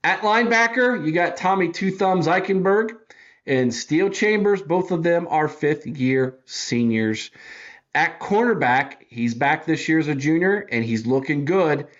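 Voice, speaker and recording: A man's voice: fairly high pitch, animated, unhurried, muffled recording. A man co-hosting a sports podcast, running through player lineups in casual chat and sometimes stumbling over names. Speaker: podcast co-host.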